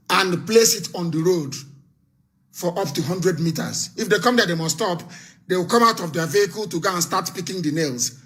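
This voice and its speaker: A man hosting a live call-in broadcast, speaking in an impassioned, rousing way that often swells into shouting. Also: a little high. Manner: impassioned, rousing, scornful, raises his voice to shouts. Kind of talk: fiery live address and call-in.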